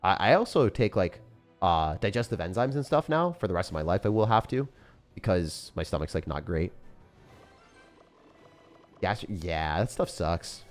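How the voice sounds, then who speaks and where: Male game streamer, lowish voice, casual slangy chatter with lively swings in tone, soft music underneath. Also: normal speed, long pauses. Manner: casual and slangy, bursts into loud excited shouts. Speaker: gaming streamer. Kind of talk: live gameplay commentary, chatting with viewers.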